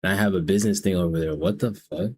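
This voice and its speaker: A man's voice: low voice, fast talker, a little mellow. A young man from the South, hosting a live stream and teasing strangers in casual, profane chat. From American South. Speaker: livestream host.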